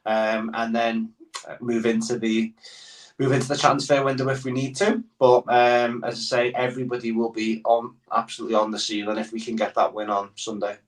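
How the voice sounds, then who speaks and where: A man's voice: medium pitch, little pitch movement, brisk. A man chatting as a guest on a football podcast, rambling with many fillers. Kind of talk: casual football podcast chat. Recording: voice somewhat far from the mic.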